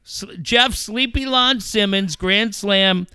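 Animated, profane man telling stories. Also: high voice, unhurried, few pauses, smooth, dry recording, clean studio sound. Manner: animated, profane, laughs often. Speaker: radio engineer telling stories. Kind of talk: casual storytelling chat.

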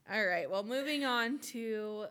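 A woman's voice: fairly high pitch, slow, fairly bright tone, smooth. A young woman, co-hosting a podcast in playful, teasing casual chat. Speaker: podcast co-host.

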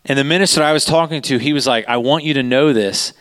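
A man, a pastor, telling a story in a sermon, animated and rising in pitch as he gets excited. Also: fast.

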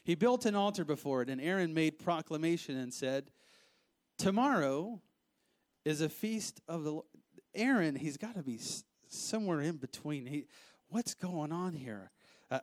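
A married man preaching a sermon, reading scripture verse by verse and commenting in an animated way that rises to emphatic outbursts. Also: on the high side, normal speed. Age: adult, married with children. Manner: animated, rising to emphatic outbursts, acts out voices.

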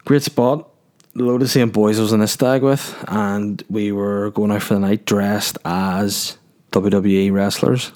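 A man's voice: fairly low pitch, little pitch movement, measured pace, a little mellow. A young man hosting a podcast, telling crude stories in a rambling, joking way. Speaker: podcast host. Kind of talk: casual storytelling.

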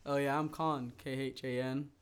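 A man's voice: medium pitch, moderate pace. A young man from Bristol, a university student, chatting easily as a guest on a studio podcast. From Bristol, England. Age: young adult. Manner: relaxed, slangy, chuckling. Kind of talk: casual chat.

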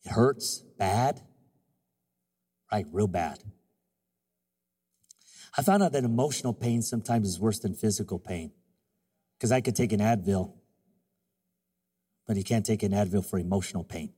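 A man preaching a sermon as pastor, moving from quiet, confiding talk to loud call-and-response exhortation. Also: normal speed, pauses often, husky, in a large hall. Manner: soft, low, confiding in personal stretches.

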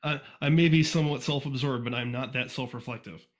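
A man's voice: medium pitch, a little fast. A man guest on a casual podcast, a fan fiction reviewer who rambles and jokes at his own expense. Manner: rambling, self-deprecating, lots of fillers and restarts. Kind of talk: casual interview.

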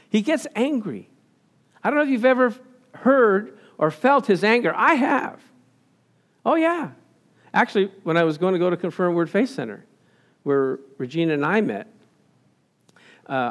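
A man with a high voice preaches a sermon from slides, animated and quick to laugh. He keeps asking his congregation questions and answering them himself. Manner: laughs often. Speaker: pastor.

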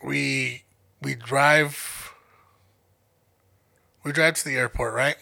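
A young man from Denver telling a profane, animated story in casual podcast chat and acting out the quotes. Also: medium pitch, drawn-out words, vocal fry. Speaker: podcast co-host.

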